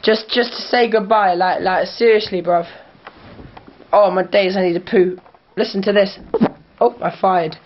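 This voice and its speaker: A man's voice: high-pitched, fairly even intonation, normal speed, pauses often. Drunk young guy rambling to camera. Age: young adult. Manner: slurred boastful slang-heavy rambling. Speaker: vlogger. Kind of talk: casual drunk vlog. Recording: dull lo-fi camera audio.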